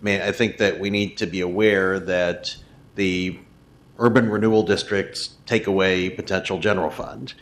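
A man's voice: sits low, fairly even intonation, normal speed. A man speaking as a city council member at a formal meeting, working through budget figures aloud with frequent restarts.

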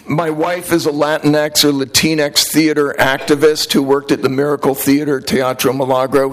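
A man's voice: medium pitch, rough recording. A middle-aged man giving earnest, talkative public testimony at a city council hearing and arguing back when interrupted. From Portland, Oregon, USA.

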